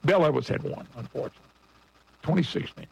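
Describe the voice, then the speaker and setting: A man's voice: on the high side, fast talker, vocal fry, slightly rough, poor audio. A middle-aged man hosting a radio talk show, talking in a blunt, folksy and combative way and calling his listeners folks. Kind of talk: opinionated radio monologue.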